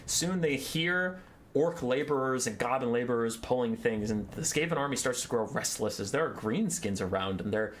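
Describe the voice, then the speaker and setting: A man with a mid-range voice gives lively play-by-play commentary on a strategy battle. Faint noise sits under his voice. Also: medium pitch, normal speed. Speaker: game commentator. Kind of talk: story narration and battle commentary.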